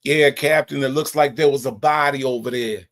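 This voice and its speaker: A man's voice: medium pitch, steady tone, a bit bright, lightly acted. A man doing a stammering TV cop. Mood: mocking. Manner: halting, stammering self-introduction. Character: gruff male TV police detective.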